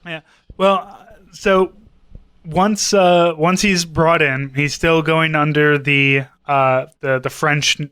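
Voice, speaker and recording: Podcast guy rambling thru a story, bright clear voice, dry mic. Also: fairly high pitch, fairly even intonation, slow, no room sound. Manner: rambling, retells scenes with quoted voices, swears. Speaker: podcast co-host. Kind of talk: casual chat.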